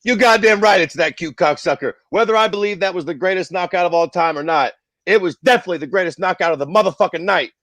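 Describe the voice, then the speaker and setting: A man's voice: high-pitched, fast talker, a bit bright, dry recording. A man co-hosting a podcast in casual chat, brash and profane, a self-described contrarian. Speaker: podcast co-host.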